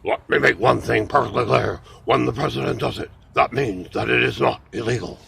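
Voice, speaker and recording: A man doing an impression of a stern older male president, with a lowered, deliberate delivery. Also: gravelly, fairly bright tone, a little hiss or hum. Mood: solemn. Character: stern old male president making declarations.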